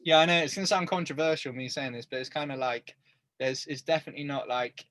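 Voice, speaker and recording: A man co-hosting a casual podcast, tossing out deadpan absurd jokes and easy agreement. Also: on the high side, fast talker, no room sound. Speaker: podcast co-host. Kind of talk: casual chat.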